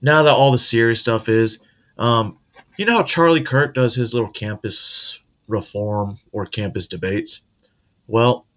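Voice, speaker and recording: A man's voice: on the low side, dull audio. A man hosting a commentary video, talking in a sarcastic, conversational way. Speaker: video host. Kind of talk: commentary monologue.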